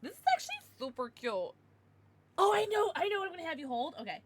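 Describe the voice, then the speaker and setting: High, lively, giggly woman streamer. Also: fast talker, very noisy. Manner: bubbly, giggly, baby-talk asides. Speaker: livestreamer. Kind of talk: casual livestream chat.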